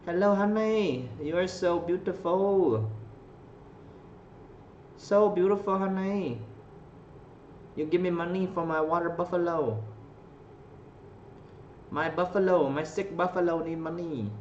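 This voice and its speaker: A man's voice: high-pitched, a little slow, long pauses, a little mellow, reverberant, lo-fi sound, a little hiss or hum, voice pushed up. A man putting on a wheedling bar hostess. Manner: wheedling, broken English, sing-song. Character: flirty female bar hostess begging for money.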